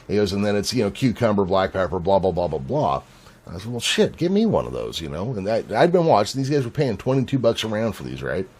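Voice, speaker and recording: A man co-hosting a podcast, a lively storyteller who swears freely. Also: fairly low pitch, fast, slightly rough. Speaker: podcast co-host. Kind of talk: casual chat.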